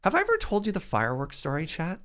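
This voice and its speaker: Animated man telling stories on stream. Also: high-pitched, fast talker. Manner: animated, chatty, addresses chat. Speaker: game streamer. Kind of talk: casual storytelling while playing.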